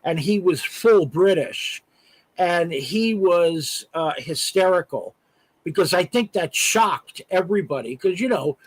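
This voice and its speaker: Guest man, husky, a touch high, rambling chatty delivery with lots of fillers. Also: expressive, unhurried, no echo, rough recording. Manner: chatty, many "uh" fillers and restarts. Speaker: guest artist and voice actor. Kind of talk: casual interview chat. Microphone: remote live stream call.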